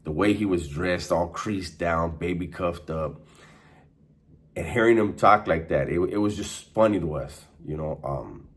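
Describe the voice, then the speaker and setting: A man's voice: low-pitched, unhurried. A man casually recounting his time in prison, with streetwise slang and a profane, rambling style. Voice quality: profane, conversational. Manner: streetwise slang, frequent restarts and fillers. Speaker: former inmate telling prison stories. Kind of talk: casual storytelling monologue.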